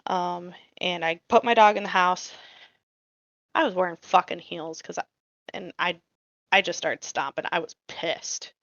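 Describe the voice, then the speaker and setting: Woman, podcast co-host, casual storytelling, blunt, swears a lot, bright, dull lo-fi mic. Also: lowish voice, fairly even intonation, unhurried, no room sound. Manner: blunt and profane, getting heated.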